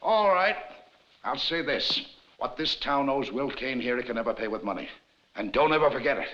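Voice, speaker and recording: An actor playing an earnest town leader making a measured, swelling speech to a church meeting, on an old lo-fi film soundtrack. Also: male voice, medium pitch, expressive, a bit bright. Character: earnest persuasive male town leader, middle-aged. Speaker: townsman addressing a church meeting.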